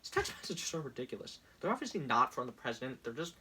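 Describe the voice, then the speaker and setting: A man's voice: medium pitch, big pitch swings, fast, sharp tone, slight background noise. A young man ranting sarcastically in casual commentary, exasperated and laughing often.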